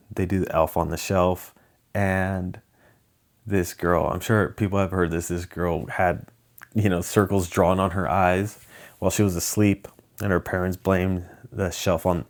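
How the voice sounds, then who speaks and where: A man from Southern California hosting a solo podcast, rambling and hesitant, with many ums and restarts. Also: low voice. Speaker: podcast host. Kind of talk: casual solo podcast chat.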